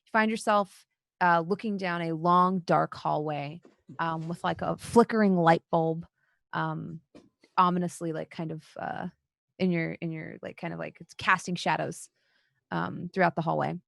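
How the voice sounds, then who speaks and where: A woman's voice: fairly low pitch, fairly even intonation, moderate pace, creaky, fairly bright tone, dry recording, studio quality. A woman narrating as storyteller in a tabletop role-playing game, describing scenes with lots of likes and kind-ofs.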